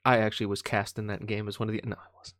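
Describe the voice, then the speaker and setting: A man co-hosting a live stream, chatting casually in a jokey, animated way. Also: on the low side, no echo, studio quality. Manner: jokey, animated, quick to laugh. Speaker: stream co-host. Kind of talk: casual chat.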